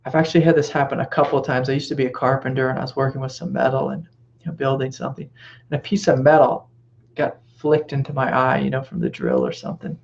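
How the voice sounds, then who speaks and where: Gentle gravelly man teaching spirituality. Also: medium pitch, lo-fi sound, a little hiss or hum. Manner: gentle, reflective, with soft whispered reassurances. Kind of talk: satsang teaching talk.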